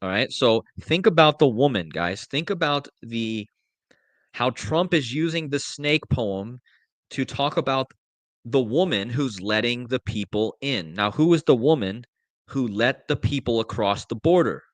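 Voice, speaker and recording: A man hosting a live commentary show, speaking slowly and emphatically, repeating himself and addressing his viewers directly. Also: medium pitch, expressive, dry recording. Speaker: host. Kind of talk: live commentary reading lyrics aloud.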